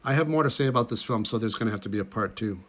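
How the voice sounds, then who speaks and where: A man casually breaking down a film as a reviewer, chatty and full of "like", with exasperated, incredulous asides. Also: lowish voice. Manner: chatty, lots of "like", quick asides. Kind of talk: casual movie breakdown commentary.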